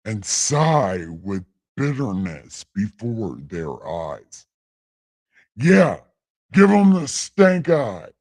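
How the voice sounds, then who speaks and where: Slow, irreverent man reading scripture. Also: medium pitch, darkish tone. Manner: irreverent, rambling, stumbling over lines, swearing. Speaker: livestream Bible reader. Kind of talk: casual late-night Bible reading livestream.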